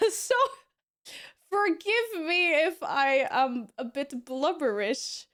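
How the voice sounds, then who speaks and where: A woman's voice: high-pitched, sing-song, very slow, fairly bright tone. A woman streamer chatting casually with her audience, bubbly and apologetic with frequent giggles. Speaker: live streamer.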